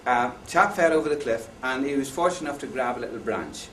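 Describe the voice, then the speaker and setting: This conference speaker has a medium-pitched, somewhat bright voice and an animated, quick delivery. His lecture on education is full of jokes, anecdotes, and questions for the audience. It was recorded in an echoey hall far from the mic, with faint noise.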